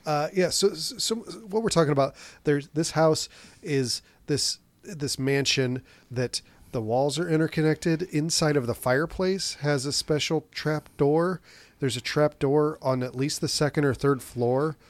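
A man co-hosting a podcast, retelling film scenes in animated casual chat with quick asides. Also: fairly high pitch, no room sound. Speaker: podcast co-host. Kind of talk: casual chat about movies.

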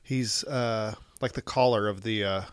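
A man's voice: on the low side, steady tone, unhurried, clean tone, no room sound, studio quality. A man co-hosting a podcast, recapping a film plot in a rambling, hesitant casual chat. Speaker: podcast co-host. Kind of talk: casual movie discussion.

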